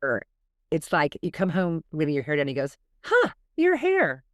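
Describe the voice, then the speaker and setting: A woman co-hosting a podcast, telling animated stories in a casual chat, often restarting her sentences. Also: sits low, normal speed, dry recording, studio quality. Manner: animated storyteller, many restarts and fillers. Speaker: podcast co-host.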